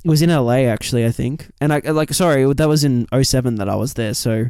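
A man's voice: medium pitch, fast talker, darkish tone, smooth, no room sound. Australian man, casual podcast chat, laid-back, "dude" and "like", dry close sound. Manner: laid-back, says "dude" and "like" a lot, swears freely. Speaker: podcast co-host.

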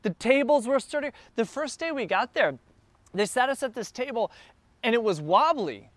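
A man telling a casual travel story, chatty and getting more excited as he goes. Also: extremely high pitch, normal speed, no room sound.

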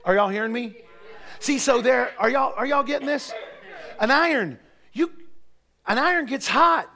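A middle-aged man, preaching in church with folksy joking stories that build to shouted preaching. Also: very high voice, normal speed, vocal fry. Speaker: pastor. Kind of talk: sermon.

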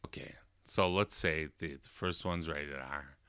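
A man in casual chat, playful, pitching jokes. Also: a little slow, pushed and bright, smooth, no room sound.

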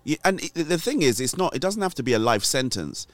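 A man's voice: a little high, sing-song, a little fast, no room sound. A man hosting a casual faith chat, rambling with many restarts and easy laughter. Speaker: host.

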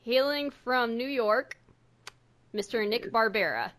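A woman hosting a podcast who jokes and swears freely in relaxed conversation. She talks at an unhurried pace and laughs often. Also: on the high side. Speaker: podcast producer and host. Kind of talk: casual podcast chat.

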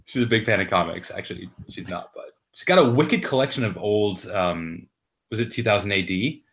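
A man with a lowish voice trades crude, profane jokes on a casual podcast. He is in his thirties and tells rambling anecdotes, breaking into laughter often. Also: moderate pace, fairly bright tone. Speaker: podcast co-host.

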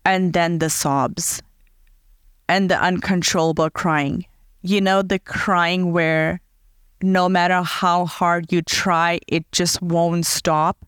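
A woman recounts a personal story on her podcast, speaking slowly and with care. Her voice is smooth and clear, and the sound is close and dry, with no room echo. She talks earnestly and from the heart. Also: fairly low pitch, level tone, a bit bright. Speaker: podcast host.

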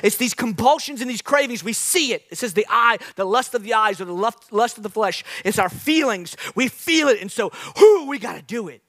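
High-voiced, bright young male preacher. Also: fairly quick, few pauses. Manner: animated storytelling with sudden loud outbursts. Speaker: pastor. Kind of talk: sermon.

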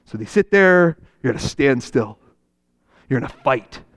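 A man's voice: mid-range voice, animated, unhurried, fairly bright tone. A male pastor preaching a sermon, telling a story and voicing its characters. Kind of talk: sermon with acted-out parable.

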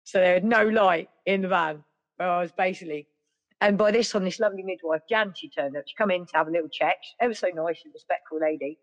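A middle-aged woman, a podcast guest telling stories in a lively, casual way. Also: lowish voice, quick pace, muffled recording. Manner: lively, acts out other people's voices. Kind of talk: casual storytelling.

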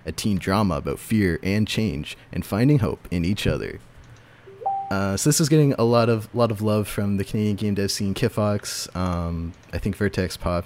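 A man hosting a casual podcast chat, talking loosely with fillers and frequent laughs. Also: lowish voice. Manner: chatty, laughs often, fillers. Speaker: podcast host.

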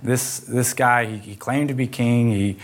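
Scheming male officials plot in quick, hushed, urgent tones, as a preacher puts them on. Their murmurs come a little lower and softer than his plain storytelling, with middle-pitched male voices. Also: fairly even intonation, close to an everyday voice.

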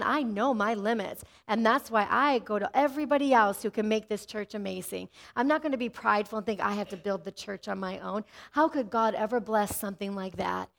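A middle-aged woman pastor preaching an animated sermon and often calling out "amen". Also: a little high, vocal fry.

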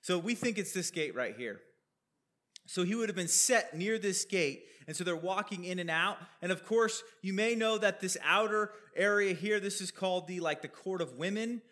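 Bright-voiced man teaching a sermon. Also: high voice, lively intonation, normal speed. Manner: conversational, explains verses with questions and asides. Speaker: preacher teaching a Bible passage. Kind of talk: sermon with slides.

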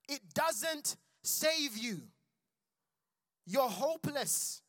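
A man's voice: high-pitched, expressive, moderate pace, a bit bright, no echo. Impassioned male preacher, dry close sound. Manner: preaching with rising intensity, calls to the congregation. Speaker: pastor. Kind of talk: sermon. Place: church.

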